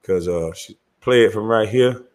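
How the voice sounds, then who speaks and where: A man's voice: lowish voice, normal speed, darkish tone, big-room sound. A man doing crude, rowdy comedic commentary over video clips, heckling and laughing as he talks.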